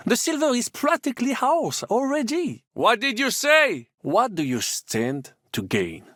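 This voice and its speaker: An actor playing a flamboyant, optimistic French knight in a video game, with a French accent and a theatrical, boastful way of talking. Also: male voice, very high-pitched, big pitch swings, unhurried, fairly bright tone, dry recording, studio quality, exaggerated voice.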